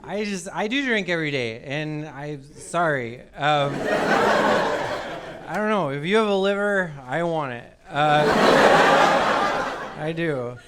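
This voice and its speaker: A man's voice: on the high side, expressive, takes it slowly, pauses often, heavy background noise. A man from Wisconsin doing a stand-up comedy set, apologetic and self-deprecating, rambling with ums. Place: comedy show before a live audience. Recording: loud audience laughter behind.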